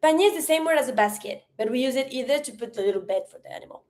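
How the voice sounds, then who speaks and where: A woman with French as her first language teaches an online lesson in English, saying each French word slowly and clearly. Her voice sits a little high and swings widely in pitch. She repeats vocabulary in pairs, masculine then feminine. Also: expressive, darkish tone. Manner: clear drilled pronunciation, repeats words in pairs.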